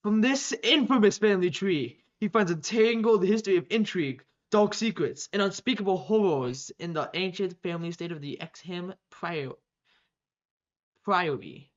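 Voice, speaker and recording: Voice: mid-range voice, normal speed. A podcast co-host in casual chat, playful and defensive, with trouble on R sounds, on a slightly dull recording. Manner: playful, defensive, deadpan repeats. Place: recording room in Boston.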